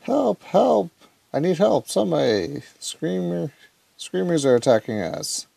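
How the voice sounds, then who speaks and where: A man's voice: fairly high pitch, very animated, measured pace, creaky, dark tone, slightly rough, no room sound, pitched above the performer's own voice, full character voice. A man voicing a frightened villager pleading. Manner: urgent, pleading read-aloud. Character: frightened villager crying for help.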